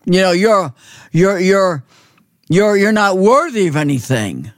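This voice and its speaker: A man preaching a sermon, slow and emphatic, repeating phrases for weight. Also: sits high, very animated, no room sound, clean studio sound.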